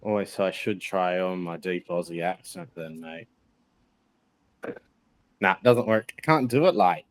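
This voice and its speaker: A man's voice: sits low, moderate pace, hardly any pauses. A man hosting a casual gaming stream, joking around and laughing often with friends. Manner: giggly and joking. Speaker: streamer host.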